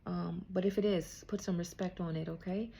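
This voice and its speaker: Low-voiced woman doing a card reading. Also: steady tone, moderate pace, gravelly, mellow, slight background noise. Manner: chatty, repeats "okay?" often. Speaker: psychic card reader. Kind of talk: casual spiritual card reading.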